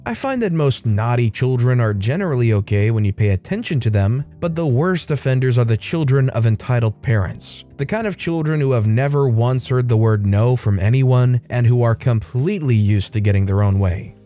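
Mellow-voiced male story narrator. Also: mid-range voice, expressive, normal speed, hardly any pauses, faint music behind. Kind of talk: scripted narration.

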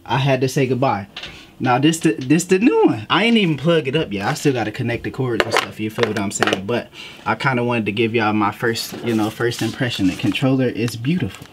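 Man, casual vlog host, slangy asides, slightly out of breath, home office, mid pitch, faint background hiss. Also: a little fast. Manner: slangy, talks straight to viewers with lots of asides. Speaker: gaming YouTuber host. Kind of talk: casual vlog talk to viewers.

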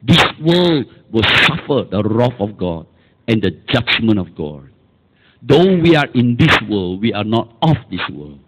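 Emphatic Malaysian pastor preaching, lively pitch. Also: male voice, measured pace, a little hiss or hum, low-quality recording. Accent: Malaysian English. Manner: emphatic, calls for amens and repetition. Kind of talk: sermon.

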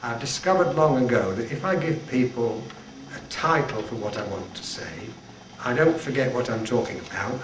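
An older man, a retired church leader, giving an informal, humorous devotional talk with chuckling asides to a band at practice. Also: medium pitch. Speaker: retired Salvation Army general leading devotions. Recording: echoey, distant, noisy room recording.

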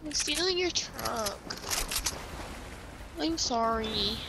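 A woman's voice: a little high, expressive, very slow, creaky. A woman playing a video game, teasing and taunting in a playful, sing-song way. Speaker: gamer. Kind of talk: casual gameplay trash talk. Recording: loud game and vehicle noise behind. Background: loud game sounds, engines.

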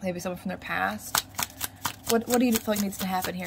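Woman, tarot reader, musing, repeats questions, medium pitch, noisy background. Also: fairly even intonation, brisk, creaky. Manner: musing, repeats questions to the cards, many fillers. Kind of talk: casual spoken tarot reading.

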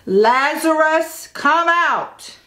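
A woman reading the part of a calm, kind male teacher in a children's story, speaking slowly and reassuringly. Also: mid-range voice. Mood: commanding.

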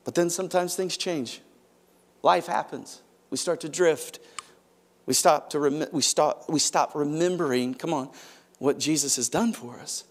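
A man preaching a sermon as pastor, moving between hushed, quiet stretches and loud, pressing passages, often restarting his phrases. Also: on the high side, measured pace. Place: large church auditorium.

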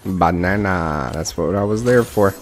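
A man commentates his own video game session in an easy, chatty streamer style. His voice has a gravelly fry and swoops all over the place. He reacts excitably and pokes fun at himself as he plays. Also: medium pitch, normal speed, soft background music. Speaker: gaming streamer. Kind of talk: casual gameplay commentary.

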